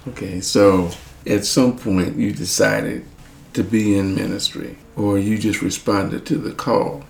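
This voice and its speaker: A man's voice: on the low side, fairly even intonation, measured pace, vocal fry, a little mellow, reverberant. A man hosting an interview, mostly giving sparse murmured reactions and asking brief questions. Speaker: host.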